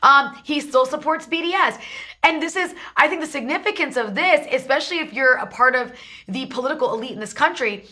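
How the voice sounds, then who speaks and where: A woman's voice: high-pitched, a little fast, bright, forceful tone. A woman hosting a political talk show, delivering emphatic commentary in long run-on stretches. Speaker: show host.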